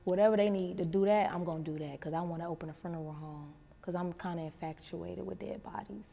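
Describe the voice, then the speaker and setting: A woman's voice: on the low side, fast talker, creaky, long reverb tail, slight background noise. A woman from Miami with a Miami accent, a guest telling stories in a casual interview, acting out what people said. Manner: animated storyteller acting out quotes.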